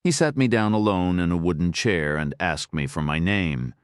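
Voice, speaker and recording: A man reading a thriller audiobook in first person, steady and matter-of-fact. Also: low voice, moderate pace, clean tone, dry recording, clean studio sound. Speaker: audiobook narrator.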